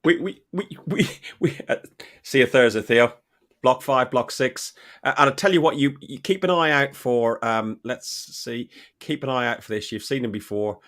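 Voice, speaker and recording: A man's voice: medium pitch, moderate pace, a bit bright. Chatty man, stumbling over words. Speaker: podcast host. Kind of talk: casual fan chat.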